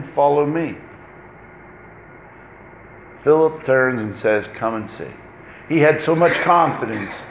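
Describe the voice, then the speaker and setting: A man preaching a lively, conversational sermon, acting out short exchanges between people as he goes. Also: mid-range voice, echoey room, slight background noise. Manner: animated, conversational, acts out little dialogues. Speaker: pastor.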